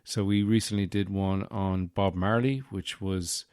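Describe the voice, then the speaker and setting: A man's voice: deep voice, steady tone, measured pace, a little mellow, smooth, no room sound, studio quality. A man hosting a solo podcast, rambling through a casual, jokey chat with the odd swear. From Ireland. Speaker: podcast host.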